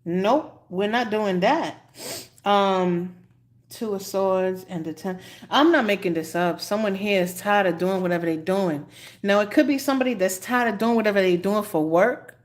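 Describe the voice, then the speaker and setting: A woman giving a live tarot reading, chatty and unhurried, choked up and often clearing her throat. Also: mid-range voice. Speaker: tarot reader.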